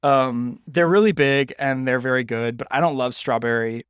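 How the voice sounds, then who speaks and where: A young man co-hosts a relaxed podcast, cracking jokes and tossing in quick asides. His voice sits in a middle range. It is recorded close and dry. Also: mid-range voice, smooth, dry recording. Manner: joking, quick asides, laughs often. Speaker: podcast co-host. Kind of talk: casual chat.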